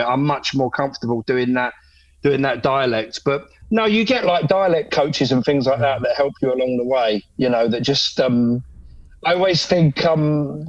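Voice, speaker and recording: A man's voice: medium pitch, no room sound, dull audio. A middle-aged man, chatting as an actor guest on a podcast, self-deprecating and laughing often. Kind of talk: casual chat.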